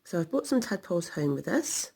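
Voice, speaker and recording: Low-voiced woman teaching small children. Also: very animated, creaky, noisy background. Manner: slow, sing-song and encouraging, sounding out letters. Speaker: primary school teacher. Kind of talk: teaching young children to write a sentence.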